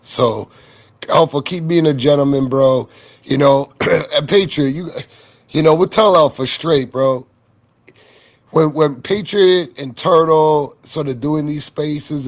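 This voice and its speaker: A man talking in an online audio chat room, rambling with repeated words and swearing. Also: medium pitch. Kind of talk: casual heated chat.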